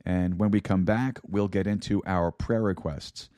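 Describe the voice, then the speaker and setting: Hoarse deep-voiced man, podcast host. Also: steady tone, measured pace, mellow, dry recording. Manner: rambling with stumbles and fillers. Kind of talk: casual announcements.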